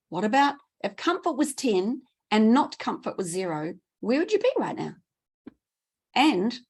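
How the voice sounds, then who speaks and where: A middle-aged woman giving a training talk, enthusiastic and quick, repeating words for emphasis. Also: mid-range voice, darkish tone, husky. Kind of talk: presentation talk.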